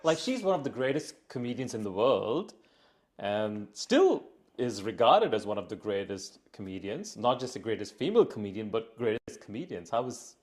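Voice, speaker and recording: A man's voice: lowish voice, very animated, moderate pace, a little mellow. A man hosting a podcast interview, asking curious questions and encouraging his guest. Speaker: podcast host. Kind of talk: interview conversation.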